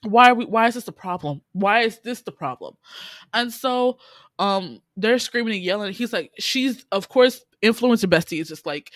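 Animated woman recapping a show, dry sound. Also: mid-range voice, normal speed, no echo. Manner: animated, swearing, exasperated storytelling with quoted reactions. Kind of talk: casual chat recapping a TV series.

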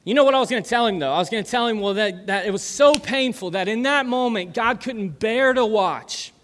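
A man's voice: high-pitched, a little fast, a bit bright, in a large hall. A man preaching a conversational sermon as a pastor, asking the crowd questions and laughing often. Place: church hall.

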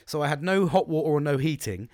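A man's voice: a little high, expressive, quick pace, a little mellow, dry recording, clean studio sound. Sweary man telling a heated story. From United Kingdom. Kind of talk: casual storytelling.

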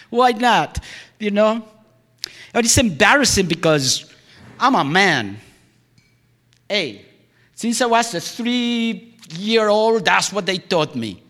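A man telling a personal story on stage at a live storytelling event, growing impassioned. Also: on the high side. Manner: animated, rising to impassioned. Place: hall with audience. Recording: reverberant hall.

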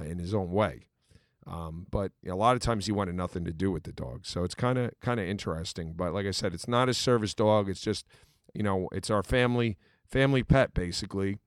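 A middle-aged man chats in a casual, earnest way, filling his stories with pauses and small restarts. His voice sits fairly low. The sound is dry and close, with no room around it. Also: no room sound. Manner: earnest, storytelling, many fillers. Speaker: podcast co-host. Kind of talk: casual chat.

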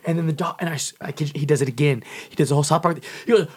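A man's voice: on the high side, racing, darkish tone, husky. A man with a Californian accent telling a story in casual chat, frantic and swearing, acting out the people in it. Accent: Californian English. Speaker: podcast guest.

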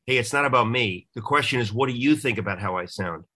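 A man's voice: mid-range voice, quick pace, pushed and bright. A middle-aged man hosting a talk show, congested from a cold, chatting in a loose, joking, self-deprecating way. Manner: jokey, rambling, self-deprecating. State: stuffed up, congested. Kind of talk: casual radio talk.

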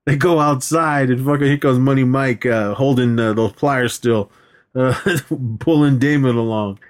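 A man's voice: medium pitch, steady tone, unhurried. A man co-hosting a podcast, retelling a movie plot in a rambling, casual way with many restarts. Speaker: podcast co-host. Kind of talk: casual chat.

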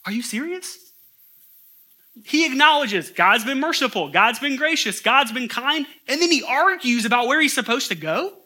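Pastor, male, high and very bright voice, lively preaching with scripture reading. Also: normal speed, few pauses. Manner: animated, incredulous asides, voices characters when reading.

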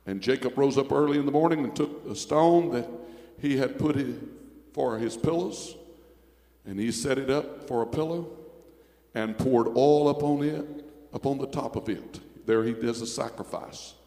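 A man preaching a fervent sermon in a church, building up to loud shouts. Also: mid-range voice, normal speed, echoey room, long reverb tail. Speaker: pastor.

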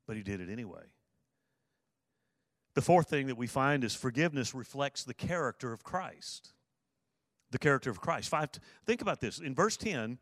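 A man's voice: medium pitch, fairly bright tone, no room sound, clean studio sound. A man preaching a sermon, earnest, repeating his key phrases for emphasis. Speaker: pastor.

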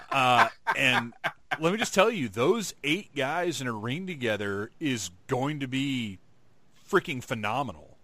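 A man's voice: medium pitch, lively intonation, slow pace, long pauses, bright, forceful tone, no echo. A man co-hosting a casual chat, talking with enthusiasm and laughing easily. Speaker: podcast co-host.

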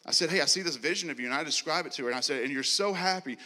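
A man preaches in a large church hall, acting out each line of his story with a bright, forceful voice. His words ring out with a long reverb trailing behind them. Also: fairly high pitch, racing. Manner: animated, acts out dialogue, laughs and clears throat often. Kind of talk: sermon storytelling.

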